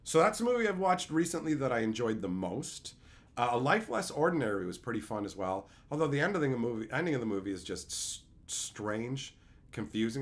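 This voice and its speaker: A man's voice: mid-range voice, sing-song, fairly quick. A man streaming live, chatting casually with his chat and ranting with repeated, profane phrases. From Canada.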